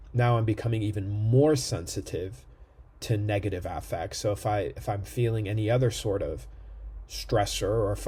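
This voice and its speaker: Man lecturing to camera, dark slightly husky tone, lots of "right?" check-ins. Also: lowish voice. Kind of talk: recorded online lecture. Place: indoor room near a street.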